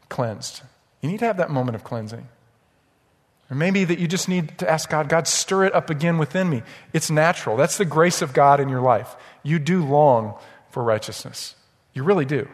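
A man's voice: fairly high pitch, big-room sound. A man preaching a sermon as pastor, emphatic and often checking in with the congregation. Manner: emphatic, repeats "right?" to the congregation. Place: church sanctuary.

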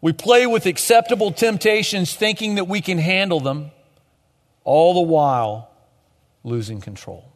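A young man preaching a sermon in a conversational way, dropping to a low hush at the end of each point. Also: unhurried. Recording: long hall reverb.

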